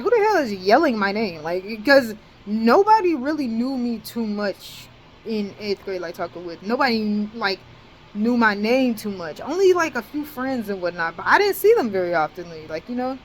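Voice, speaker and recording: A college-age young woman with a higher-pitched voice narrates a storytime vlog at moderate speed, recorded poorly with some hiss or hum. She's animated and casual, cursing a lot and leaning on slang fillers such as "bro" and "dead ass."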